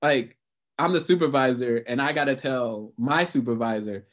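Relaxed man in casual chat. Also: medium pitch, moderate pace. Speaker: former housing supervisor.

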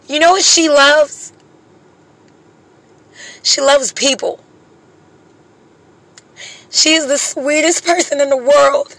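A single mother delivers an emotional monologue to camera, impassioned and pleading, swearing often with slow, deliberate emphasis and at times close to tears. Her high voice is pushed and bright, with no echo and poor audio.

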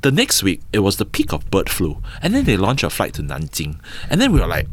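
A low-pitched Singaporean man in his thirties, speaking in an English full of local color. He tells his story with a lively, swinging voice and acts out every quote. He keeps checking in with his listener with a quick "right?". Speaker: podcast guest, entrepreneur. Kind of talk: casual storytelling interview.

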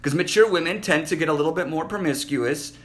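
Man, podcast host, crude and blunt, rambling, bright forceful voice. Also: a little high, quick pace. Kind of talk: casual chat.

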